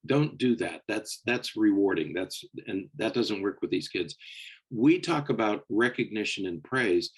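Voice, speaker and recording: A man with a low, husky voice talks through parenting advice on a podcast. He explains things patiently and keeps checking in with "okay?" in a calm, conversational way. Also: a little slow. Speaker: psychologist podcast co-host.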